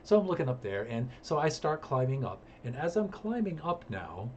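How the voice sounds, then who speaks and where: A man's voice: mid-range voice, sing-song, moderate pace, darkish tone, slight background noise. A man streaming a game, telling a long personal story in a rambling, repetitive way with chuckles. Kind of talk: casual storytelling while gaming.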